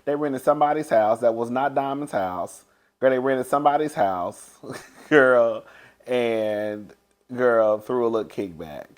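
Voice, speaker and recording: A man's voice: mid-range voice, unhurried. A man chatting casually as a show reviewer, dishing gossip, calling listeners "girl" and often breaking into laughter. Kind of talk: casual gossipy recap chat.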